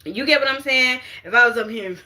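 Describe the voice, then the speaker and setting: A woman talks loosely to her viewers as a spiritual reader, her slightly high voice bright and forceful. She swears freely, laughs often and keeps checking in with "you get what I'm saying?". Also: moderate pace. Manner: animated, profane, laughs often. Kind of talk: casual livestream talk.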